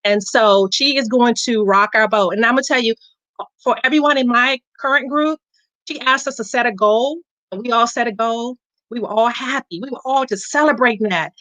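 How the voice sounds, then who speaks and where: A woman guest chatting casually about her coaching experience, animated and laughing often, with frequent restarts. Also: fairly high pitch, moderate pace, no room sound, rough recording. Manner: animated, laughing, repeats words. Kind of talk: casual testimonial chat.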